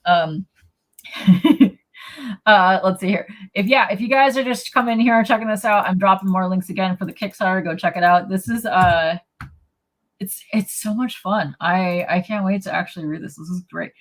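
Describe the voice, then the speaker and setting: A woman hosting a casual live podcast chat, excitable and quick to laugh, reacting to viewer comments. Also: mid-range voice. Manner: excitable, laughs often, reads chat aloud. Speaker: podcast host.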